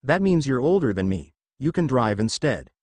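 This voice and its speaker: A man's voice: medium pitch, big pitch swings, normal speed, a little mellow, dry recording. A man voicing a blunt teenage girl demigod in a fan story reading.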